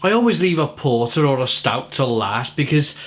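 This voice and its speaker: A man's voice: mid-range voice, animated, normal speed. A middle-aged man giving a casual, enthusiastic beer tasting review, often repeating and restarting his words.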